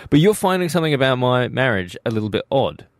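A man with an Australian accent, hosting breakfast radio in jokey, animated banter. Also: medium pitch, quick pace, no echo, clean studio sound. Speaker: radio host. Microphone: studio mic.

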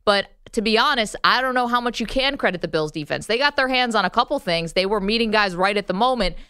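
A woman's voice: medium pitch, expressive, fast, pushed and bright, smooth, no echo. A woman co-hosting a sports talk show, giving opinionated takes in a casual debate. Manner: opinionated, argues points with laughs.

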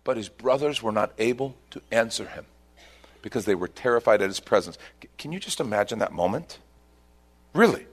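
A male pastor preaching a sermon, retelling a scripture story with emphatic, animated delivery. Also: on the low side, brisk.

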